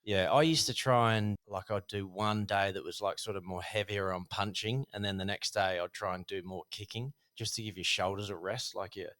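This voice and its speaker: A middle-aged Australian man, a podcast guest, telling stories in a rambling, animated way with many fillers. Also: lowish voice, moderate pace, few pauses. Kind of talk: casual storytelling.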